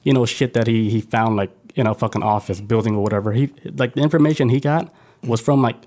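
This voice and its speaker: A man's voice: mid-range voice, quick pace, a little mellow. A man co-hosting a podcast, talking loosely and profanely with lots of filler words. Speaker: podcast co-host. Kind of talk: casual chat.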